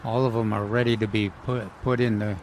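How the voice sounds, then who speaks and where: A man co-hosting a casual gardening radio chat, talking haltingly with many fillers and restarts. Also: fairly low pitch, flat delivery. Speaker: gardening show co-host. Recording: outdoor nursery with faint noise.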